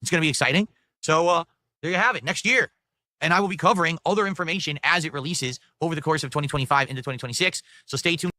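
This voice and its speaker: Bright, dry-sounding YouTuber man. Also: a little high, rapid-fire, no echo. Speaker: YouTuber recapping a game trailer. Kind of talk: video game news recap.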